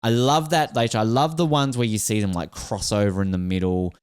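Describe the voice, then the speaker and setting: A man's voice: lowish voice, fairly even intonation, brisk, a little mellow, clear, resonant tone, no echo, clean studio sound. A man hosting a casual sports podcast, rambling and jokey, laughing often. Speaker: podcast host.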